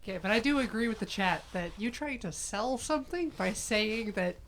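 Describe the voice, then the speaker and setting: A woman's voice: mid-range voice, expressive, moderate pace, slight background noise. Wry teasing woman on a stream. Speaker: stream co-host. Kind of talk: casual chat on a live stream.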